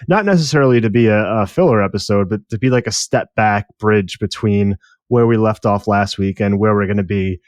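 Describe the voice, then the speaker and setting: A man with a lowish voice co-hosts a podcast, rambling loosely through his thoughts. He fills his sentences with small verbal fillers. The recording is dry and close. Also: a little fast, dry recording. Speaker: podcast co-host. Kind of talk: casual review chat.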